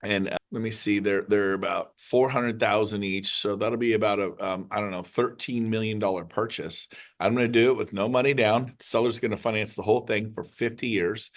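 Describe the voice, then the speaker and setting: A middle-aged man, a realtor, giving an excited, rambling motivational talk to his group. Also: fairly low pitch, fairly quick, hardly any pauses. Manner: excited, rambling, jumps between numbers. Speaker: realtor leading a mastermind call.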